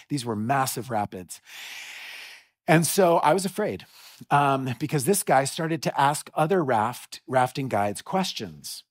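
A middle-aged man preaching a sermon in a church, telling a story with animated energy and frequent restarts. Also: medium pitch. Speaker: pastor.

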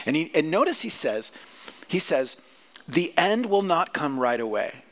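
Guy preaching a sermon, kinda high voice, lots of ups and downs, chatty and keeps asking the room stuff. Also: very animated, normal speed, fairly bright tone. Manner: conversational, asks the listeners questions. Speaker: pastor. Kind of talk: sermon teaching on scripture.

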